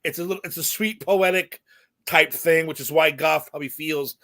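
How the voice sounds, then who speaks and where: A man co-hosting a podcast, chatting casually and excitedly retelling his reactions with lots of swearing. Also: a little high, normal speed. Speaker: podcast co-host. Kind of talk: casual chat.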